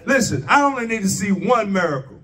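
A man's voice: high voice, very animated, brisk, fairly bright tone, recorded from a distance. A man preaching a sermon, asking the congregation rhetorical questions and drawing their responses.

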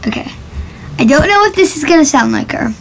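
A woman's voice: high voice, lively intonation, fairly quick, gravelly, slight background noise, rough recording. A female vlogger chatting casually to camera in a giggly, self-conscious way as she tries out a voice app.

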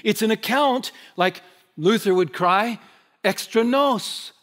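A man with a high, light voice delivers a sermon from the pulpit. His preaching surges into loud, emphatic runs and then drops back to low, confiding asides. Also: slow. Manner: impassioned preaching, swinging between loud emphasis and quiet asides. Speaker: pastor. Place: church sanctuary.

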